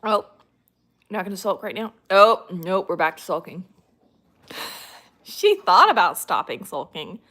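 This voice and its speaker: A woman's voice: medium pitch, lively intonation, measured pace, pauses often, pushed and bright. A woman hosting a casual livestream at home, chatting to viewers and talking fondly to her dogs. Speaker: livestream host.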